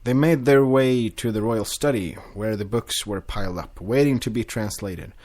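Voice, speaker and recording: A man hosting a podcast, reading a fan story aloud with lively delivery and casual asides. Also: on the low side, moderate pace.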